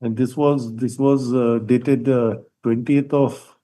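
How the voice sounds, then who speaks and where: Older judge with a mellow voice. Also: male voice, medium pitch, steady tone, slow. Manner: probing, pointed questions, repeats words while thinking. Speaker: presiding judge. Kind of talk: courtroom hearing. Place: courtroom.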